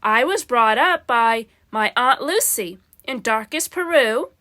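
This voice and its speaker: A woman's voice: fairly high pitch, expressive, takes it slowly, pushed and bright, full character voice. A woman voicing a small, polite, earnest young male bear in a storybook reading.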